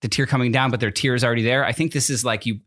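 A man co-hosting a casual chat, deadpan and dryly joking. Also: medium pitch, rapid-fire, no room sound, clean studio sound. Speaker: co-host.

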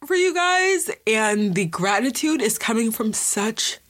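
A woman's voice: a little high, expressive, measured pace, fairly bright tone. A woman hosting a podcast, talking to listeners in a casual, gushing and emotional way, with many "like"s and "you guys". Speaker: podcast host.

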